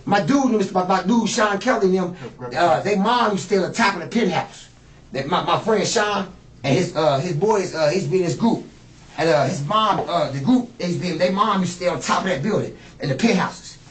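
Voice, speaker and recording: A man's voice: high voice, animated, normal speed. A man in his fifties, a suspect being questioned, talking in a rambling, boastful and profane way. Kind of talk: rambling interrogation talk. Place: interrogation room. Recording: echoey room, distant mic, faint noise.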